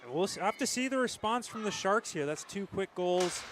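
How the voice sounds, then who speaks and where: A man giving hockey color commentary, talking through the plays in a relaxed way. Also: high-pitched, normal speed, a little hiss or hum.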